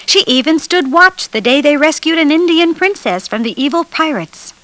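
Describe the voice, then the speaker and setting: Lively woman reading a children's storybook. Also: high-pitched, normal speed, rough recording. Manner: lively expressive read-aloud, raising her voice for children's dialogue. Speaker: storybook narrator.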